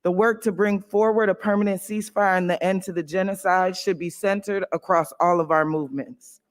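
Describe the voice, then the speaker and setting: High-voiced man giving a rhythmic speech. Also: fairly even intonation, brisk. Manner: rhythmic, list-building delivery with playful asides. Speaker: symposium panelist. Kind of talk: prepared tribute speech. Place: university event hall.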